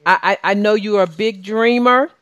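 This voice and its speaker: A woman's voice: mid-range voice, steady tone, fairly quick, dry recording, dull audio. A middle-aged woman with a Southern US accent hosting a talk show, encouraging and full of restarts. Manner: warm, encouraging, with many restarts and fillers. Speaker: radio show host and life coach.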